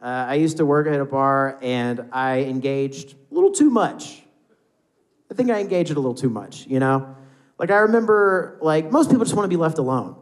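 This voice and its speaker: A man's voice: fairly high pitch, animated, normal speed. Rambling american man doing stand-up. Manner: loose rambling delivery, acts out voices. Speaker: stand-up comedian. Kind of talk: stand-up comedy set. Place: live comedy club stage.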